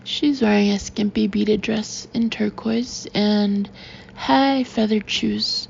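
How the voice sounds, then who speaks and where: Woman audiobook narrator, first person, wry, gravelly, lo-fi. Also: medium pitch, fairly even intonation, slow, a little mellow, a little hiss or hum.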